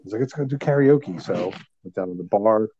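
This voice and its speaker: A man's voice: on the low side, animated, a little fast, warm tone, a little hiss or hum. Chatty man on a dull lo-fi mic. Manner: chatty, laughs often, playful. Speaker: podcast co-host. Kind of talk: casual chat. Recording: dull lo-fi sound.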